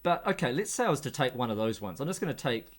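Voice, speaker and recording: A man hosting a casual screen-share tutorial, relaxed and thinking aloud as he clicks through steps. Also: mid-range voice, fast. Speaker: host.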